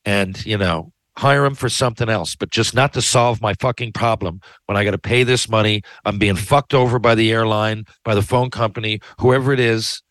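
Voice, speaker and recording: A man's voice: fairly low pitch, steady tone, moderate pace, few pauses, a bit bright, no echo. A man in a heated, profane, rambling rant, often restarting his sentences. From Canada. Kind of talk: ranting monologue.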